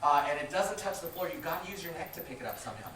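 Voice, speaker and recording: A game show host running a live stage show, explaining rules and awarding points in a playful, quick way. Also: medium pitch, lively intonation, a bit bright, far from the mic. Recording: echoey live stage from afar, noisy.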